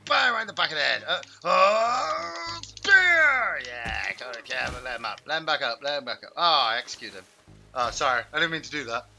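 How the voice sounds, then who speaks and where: A man giving live gameplay commentary in an excitable, shouty way, his pitch leaping around a lot. His voice is very bright and forward, with light game music playing behind. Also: racing, gravelly. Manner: excitable, shouty, playful trash talk. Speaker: gaming host.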